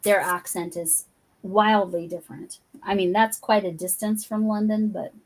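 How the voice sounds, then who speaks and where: A woman's voice: medium pitch, fairly even intonation, moderate pace. Chatty woman from Colorado hosting. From Colorado, USA. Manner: chatty and curious, musing aloud. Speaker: host. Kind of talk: casual livestream chat while crafting.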